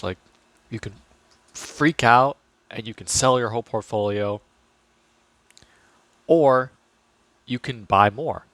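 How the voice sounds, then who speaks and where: A man's voice: medium pitch, takes it slowly, pauses often, a bit bright, no room sound. A man talking casually about investing to his viewers, chatty and loose, full of fillers and restarts. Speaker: finance vlogger. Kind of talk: casual talk to camera.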